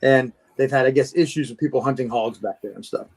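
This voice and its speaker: A Bigfoot investigator from Florida tells his encounter story as a guest in a casual interview, stammering through many restarts and laughing at himself. He speaks briskly in a mid-range voice with a breathy edge.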